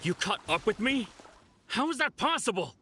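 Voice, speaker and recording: An actor playing a boastful, sneaky young male thief in a video game, speaking in a husky, whiny way. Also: sits high, big pitch swings, normal speed, pushed and bright, full character voice. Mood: sulky.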